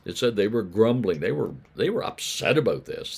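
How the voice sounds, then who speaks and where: A man's voice: lowish voice, big pitch swings, normal speed, vocal fry, breathy edge. A man preaching a daily Bible devotional in a conversational way, asking his listeners questions and acting out the voices of grumbling neighbors.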